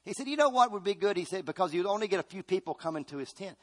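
A middle-aged man pastor preaching a sermon, calling out to his congregation and rising to loud, emphatic bursts. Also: high-pitched, expressive, rapid-fire.

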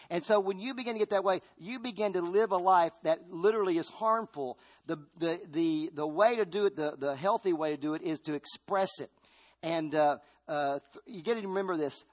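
A male pastor preaching a storytelling sermon, repeating phrases and swinging between bursts of intensity and hushed moments. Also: high voice, fairly quick. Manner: repetitive, storytelling, rising and falling intensity.

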